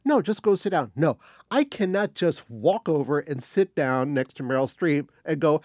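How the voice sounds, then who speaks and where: An older man telling a casual anecdote as a guest, animated, acting out quotes and restarting phrases. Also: a little high, normal speed, dry recording, studio quality. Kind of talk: casual storytelling.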